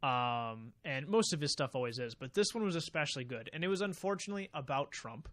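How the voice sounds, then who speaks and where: Young male co-host, chatty, laughs often, raised pitch, dry close studio mic. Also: expressive, quick pace, a bit bright, no echo. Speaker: podcast co-host. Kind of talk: casual chat. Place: small studio. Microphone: desk mic.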